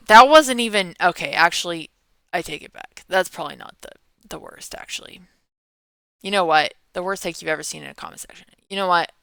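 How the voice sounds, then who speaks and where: A woman's voice: lowish voice, pushed and bright, clean tone, dry recording. A tired millennial woman in her thirties, rambling through a casual Q&A vlog, often trailing off and yawning. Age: 30s. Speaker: meme creator.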